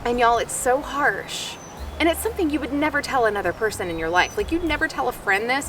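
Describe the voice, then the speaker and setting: A young woman, chatting excitedly to camera in a lifestyle vlog, full of gasps and exclamations. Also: medium pitch, a little fast, background noise. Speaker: lifestyle vlogger. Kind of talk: casual chat to camera. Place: home, also outdoors.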